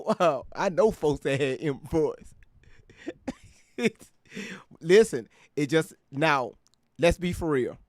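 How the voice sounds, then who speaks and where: A man's voice: a little high, dry recording, studio quality. Profane, mocking male commentary host. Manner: profane, mocking, laughs often. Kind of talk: casual reaction commentary.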